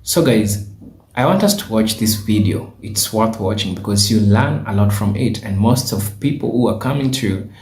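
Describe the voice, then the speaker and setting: A male channel host calmly sets up a video for his viewers, calling them "guys". His voice is low, and it rings in an echoey room. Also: moderate pace. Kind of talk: introducing a video.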